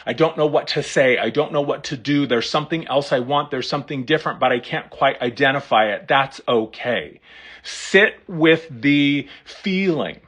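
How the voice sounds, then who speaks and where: A man's voice: a little high, fairly bright tone. A man giving a live tarot reading in an earnest, encouraging coaching tone, speaking straight to his listeners. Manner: speaks directly to listeners, reads out viewer comments. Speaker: tarot reader.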